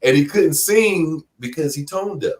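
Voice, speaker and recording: A man's voice: a little high, unhurried, far from the mic. A man, casually chatting and laughing along as co-host. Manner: laid-back, laughs along, chimes in. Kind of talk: casual chat. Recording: voice off-mic.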